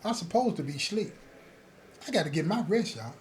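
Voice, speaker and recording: A man's voice: sits high, brisk, a little hiss or hum. A man casually telling a story from his own life, talking straight to his listeners and checking that they follow along. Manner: lively, acts out the others in his story. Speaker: host telling his own prison stories.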